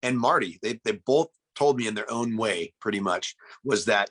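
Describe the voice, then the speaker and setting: A man's voice: on the low side, animated, normal speed, few pauses, fairly bright tone, slightly rough. Earnest man reflecting in an interview. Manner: earnest, reflective, with frequent restarts. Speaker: actor in the film. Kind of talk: casual interview talk.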